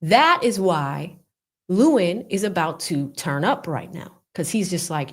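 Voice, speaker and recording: A woman hosting casual live commentary on a court trial, chatty and animated, with laughing asides. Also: fairly low pitch, a little slow, breathy edge. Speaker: legal commentary host.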